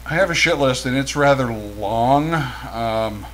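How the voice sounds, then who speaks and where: A man co-hosting a casual chat, gruff and tough-talking with deadpan delivery. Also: mid-range voice, slow, slight background noise, poor audio. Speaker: co-host.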